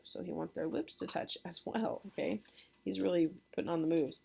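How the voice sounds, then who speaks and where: A woman's voice: lowish voice, moderate pace, gravelly, a little mellow, husky. A young adult woman teacher explaining a play in a casual, chatty lesson, often checking in with "okay?".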